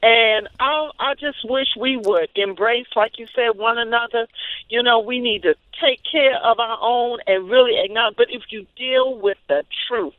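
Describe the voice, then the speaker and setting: A woman's voice: fairly high pitch, moderate pace, dry recording. A woman calling in to a radio show, speaking from the heart in heartfelt, emotional praise. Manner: emotional, heartfelt, churchy affirmations. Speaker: caller. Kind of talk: call-in comment. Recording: tinny phone line.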